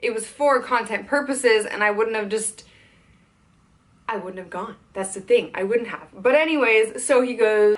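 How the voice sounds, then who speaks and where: Young adult female content creator, high-ish voice, venting storytime, fast and agitated. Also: lively intonation, a bit bright. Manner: fast, worked-up, swearing.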